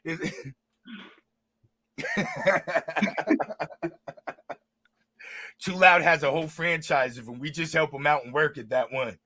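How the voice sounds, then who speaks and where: Man, casual interview host, jokey, laughs a lot, fairly high voice, dry close sound. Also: slow, pauses often, pushed and bright, no room sound. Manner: jokey, laughs often, filler-heavy. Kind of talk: casual chat.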